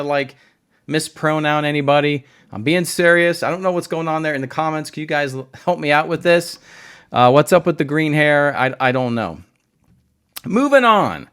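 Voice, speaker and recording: Brief: a sarcastic male reviewer, smooth, clear tone, rambling and casual. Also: on the high side, fairly bright tone. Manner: sarcastic, rambling, many fillers. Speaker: video reviewer.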